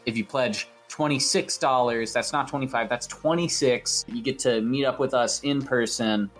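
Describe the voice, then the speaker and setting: A man's voice: mid-range voice, normal speed, fairly bright tone, soft background music. Rambling man hosting a podcast. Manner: rambling, repeats words, spins absurd stories. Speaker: podcast host. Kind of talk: casual podcast banter.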